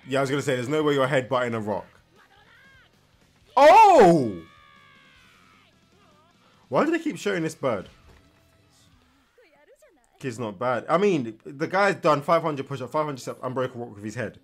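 A young man chats through a viewing with an animated, swooping voice that climbs and dips a lot. He sounds worn out and yawny, slipping in slang and repeating himself. Faint soundtrack music hums underneath. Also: mid-range voice, moderate pace, pauses often. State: tired, yawning. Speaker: anime reaction host. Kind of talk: casual reaction commentary. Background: faint anime soundtrack.

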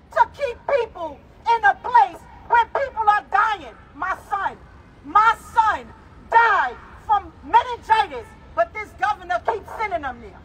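High-voiced woman, impassioned rally speech. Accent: New York. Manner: emotional, raw, shouting at times, choked up. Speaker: rally speaker, grieving mother. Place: outdoor city rally. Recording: noisy outdoor rally with crowd. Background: crowd and street traffic.

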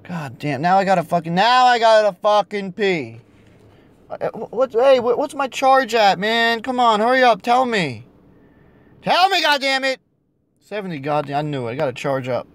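A young man talking to himself while he plays a phone game, frustrated and swearing, a little hoarse from losing his voice. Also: high voice, animated, moderate pace. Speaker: vlogger playing a mobile game. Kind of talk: casual vlog commentary.

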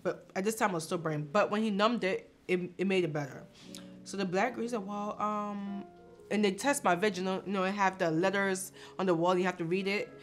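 Animated young woman telling a story. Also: mid-range voice, a little fast, soft background music. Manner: animated, laughing, acts out quotes. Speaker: vlog host. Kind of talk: casual storytelling.

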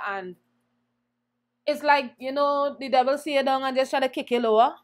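Animated woman telling her story. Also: high voice, moderate pace, pauses often. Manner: animated, acts out quoted voices. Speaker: interview guest, singer. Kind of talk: conversational storytelling.

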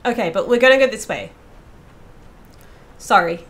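A woman's voice: medium pitch, expressive, normal speed, fairly bright tone. A woman playing a horror game, talking casually to herself, swearing freely and screaming when startled. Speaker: let's play streamer. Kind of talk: casual gameplay commentary.

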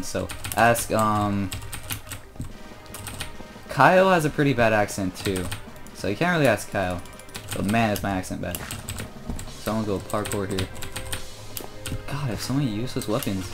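A sixteen-year-old boy chatting casually through his own gameplay, joking about himself and growing loud and excited when he fights. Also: on the low side. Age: teens. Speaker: gamer commentating his own play.

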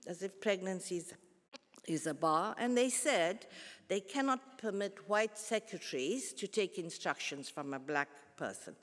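A woman's voice: fairly low pitch, expressive. Older woman lecturing. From South Africa. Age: 70s. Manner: measured, earnest storytelling with pauses and restarts. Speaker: guest lecturer. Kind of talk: formal public lecture. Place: large concert hall. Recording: long hall reverb.

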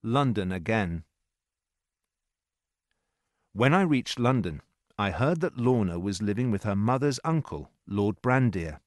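A man narrating a story in a slow, clear reading voice. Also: on the low side, dry recording, studio quality. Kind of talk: scripted narration.

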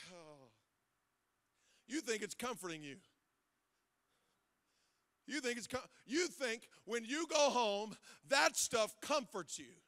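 A male assistant pastor preaching an impassioned sermon, swinging from loud shouts to hushed tones with a sing-song cadence at the peaks. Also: very high-pitched. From Ohio. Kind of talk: Pentecostal-style preaching sermon. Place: church sanctuary.

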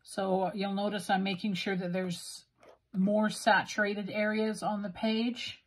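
A woman's voice: medium pitch, little pitch movement, measured pace, breathy edge. A woman with a Western Canadian accent, musing aloud in a self-deprecating way as she swatches inks. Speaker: stationery video host. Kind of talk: casual narrated ink swatching.

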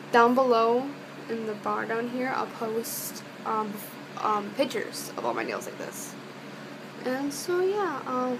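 A woman's voice: on the high side, creaky, noisy background. A woman chatting casually as she demonstrates a beauty product at home, rambling with lots of fillers. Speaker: beauty vlogger. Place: her room at home.

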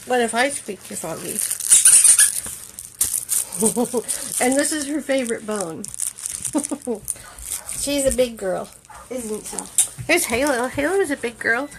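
A woman's voice: sits high, takes it slowly, long pauses, a little hiss or hum. A woman dog breeder filming a puppy on her phone at home, chatting casually and cooing baby talk with frequent laughs.

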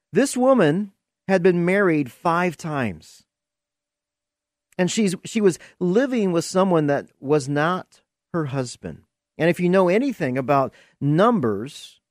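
A man's voice: on the high side, a little mellow, dry recording, clean studio sound. A man hosting a podcast, giving an earnest, emphatic preaching-style monologue with vivid storytelling. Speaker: podcast host.

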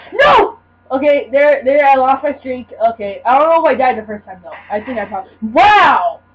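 A woman giving casual gameplay commentary, excitable and yelping at the game. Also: high voice, fast talker, few pauses. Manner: excitable, shouts and yelps at the game. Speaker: gamer. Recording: dull lo-fi recording.

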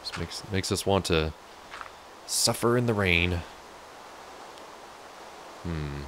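A man's voice: sits low, takes it slowly, pushed and bright, a little hiss or hum. A man casually talking through his game build, chatty and joking with viewers. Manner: chatty, jokey, talks to viewers. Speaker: let's play host. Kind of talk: casual gameplay commentary.

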